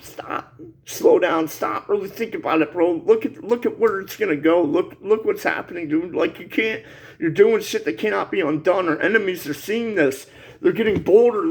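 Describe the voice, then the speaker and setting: A man in his forties launches into a heated, profane rant to camera. His voice sits high and carries a gravelly rasp, and he rambles, stumbles over repeated words and tags nearly every line with "bro" or "dude.". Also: poor audio. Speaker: vlogger.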